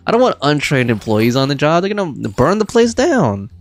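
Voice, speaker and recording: A man's voice: a little high, sing-song, normal speed. A man in his thirties streaming a game, reading viewer chat aloud and bantering with a laugh. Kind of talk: casual live stream chat.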